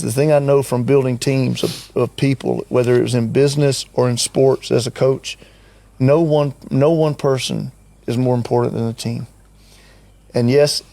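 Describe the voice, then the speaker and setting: A man's voice: medium pitch, gravelly, dry recording. An older man in casual chat, animatedly recounting a story and acting out what people said. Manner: animated storyteller, acts out quotes. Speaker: guest recounting a business story.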